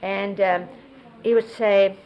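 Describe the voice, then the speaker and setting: A middle-aged woman, reminiscing in an interview and explaining gestures in a halting way with many pauses. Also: mid-range voice, fairly even intonation, dull audio. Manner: halting, with fillers and restarts, laughs now and then.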